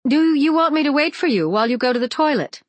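A timid, worried young woman, as a woman narrator puts her on, her voice lifted high. She asks things anxiously. The sound is close and dry. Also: very animated, normal speed, no room sound. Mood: nervous. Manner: worried, questioning.

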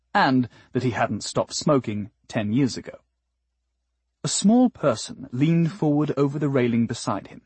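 Husky-voiced man narrating with dry wit. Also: mid-range voice, a little mellow, dry recording. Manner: wry, dryly comic storytelling. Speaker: audiobook narrator. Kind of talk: expressive scripted narration.

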